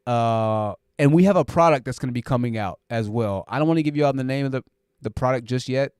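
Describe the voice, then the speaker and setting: A man's voice: medium pitch, brisk, clean tone, no echo. Male streamer, casual and rambling, mid-range voice, dry home podcast-mic sound. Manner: relaxed, rambling explainer with frequent fillers. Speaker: live stream host. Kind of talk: casual live chat, reading viewer comments. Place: home room with hoodies hung up to absorb sound. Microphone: dynamic podcast mic through a preamp.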